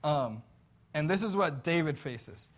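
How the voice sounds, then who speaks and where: A man's voice: on the high side, lively intonation, measured pace. Earnest man preaching a sermon. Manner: earnest, conversational storytelling with restarts.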